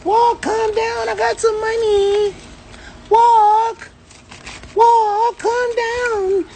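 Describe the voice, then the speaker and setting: A frantic woman in a high, strained voice pleads again and again for a man to calm down, as a man mimics her on a phone livestream. The voice sits far above a man's natural range and keeps circling back to the same soothing words. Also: extremely slow, background noise, full character voice. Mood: pleading.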